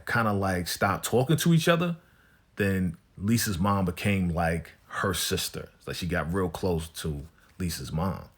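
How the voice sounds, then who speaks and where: A man's voice: sits low, a bit bright. A man casually recapping a TV episode in a laid-back, slang-filled way, often tagging his lines with "right?" and "you know".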